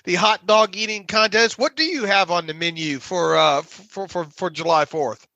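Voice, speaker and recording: A middle-aged man with a high, gravelly voice chats loosely on a sports podcast, tripping over his words and joking. His tone is bright and edgy. The recording is dry and close. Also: moderate pace, dry recording. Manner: rambling, many fillers and repeated words, jokey. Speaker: podcast co-host. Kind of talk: casual sports podcast chat.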